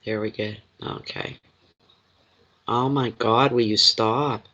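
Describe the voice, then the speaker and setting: A man's voice: medium pitch, steady tone, takes it slowly, sharp tone. Emotional man with a cold reading cards. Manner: emotional, rambling, chatty, distracted. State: runny nose from a cold. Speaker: tarot card reader on a live stream. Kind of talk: live card reading chat. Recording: dull lo-fi stream audio.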